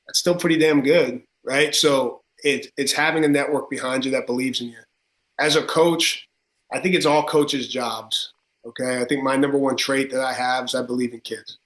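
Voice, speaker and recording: A man with a tri-state accent talks in an emphatic, energetic run with many fillers, answering questions as a football coach. His middle-pitched voice rings in a roomy, echoing space. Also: moderate pace. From Connecticut. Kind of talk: podcast interview. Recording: roomy echo.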